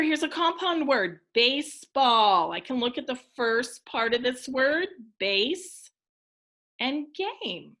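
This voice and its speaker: A woman teacher leads a recorded phonics lesson for young children, encouraging them and sounding out every word clearly. Her voice is bright and fairly high, and she talks very slowly so the children can keep up. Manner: slow, encouraging, clearly enunciated. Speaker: elementary school teacher.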